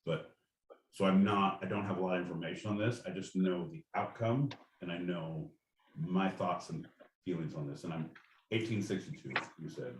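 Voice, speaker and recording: A man's voice: low-pitched, normal speed, far from the mic, slight background noise. A man co-hosting a podcast, chatting casually and rambling with many restarts. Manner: rambling, self-correcting. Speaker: podcast co-host. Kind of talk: casual chat. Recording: roomy sound from off mic.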